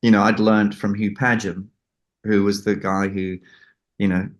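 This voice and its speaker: A man's voice: fairly low pitch, little pitch movement, measured pace. A man, a record producer, telling a story in an interview and acting out the people he quotes. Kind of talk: anecdote in an interview.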